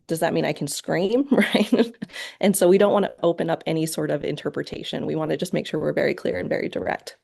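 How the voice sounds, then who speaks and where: A woman with a lower voice and a gravelly edge gives an online lecture. She explains each step clearly and slips into short quoted lines from parents and kids. Her voice comes through a video call. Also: darkish tone. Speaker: parent training presenter. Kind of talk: lecture presentation.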